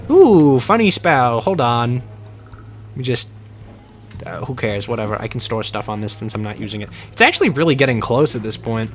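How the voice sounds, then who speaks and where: A male streamer talks through his game in a loose, rambling, playful way, chatting with viewers as he plays. His voice sits at an ordinary middle pitch. Faint game music plays underneath. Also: a bit bright. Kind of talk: casual live-stream game commentary.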